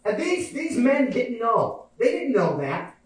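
A man preaching a sermon, often shouting and acting out the voices of people in the story. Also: very high-pitched, wildly swooping pitch, slow pace. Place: church sanctuary. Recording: very echoey hall, mic from a distance.

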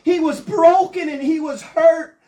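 A woman delivers a Pentecostal sermon in a high voice. She reads scripture aloud and preaches with fervent, rising emphasis. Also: steady tone, unhurried, warm tone, low-quality recording.

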